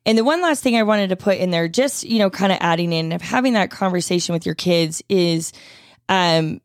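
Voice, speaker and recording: A woman's voice: on the low side, a little fast, no room sound, clean studio sound. A middle-aged woman co-hosting a parenting podcast, offering earnest, reflective advice with the odd wry aside. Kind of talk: casual chat.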